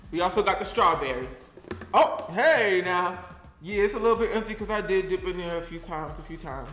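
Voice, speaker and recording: A man's voice: high-pitched, animated, fairly quick, sharp tone, roomy sound, soft background music. A young man chatting sassily to the camera while he cooks, with a playful, easygoing manner. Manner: sassy, chatty, talks to the camera and to his things. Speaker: cooking vlogger. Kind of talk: casual cooking vlog.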